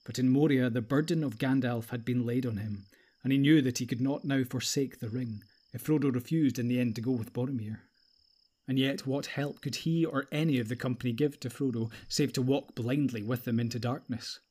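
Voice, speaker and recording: Male narrator, audiobook reading, steady and even, middling pitch. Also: brisk. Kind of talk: scripted narration.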